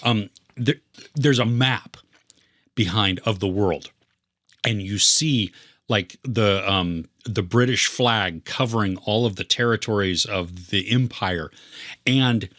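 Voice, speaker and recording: A man's voice: lowish voice, takes it slowly, a bit bright, no room sound, clean studio sound. A man co-hosting a casual movie review podcast, earnest and rambling, with many fillers and restarts. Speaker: podcast co-host.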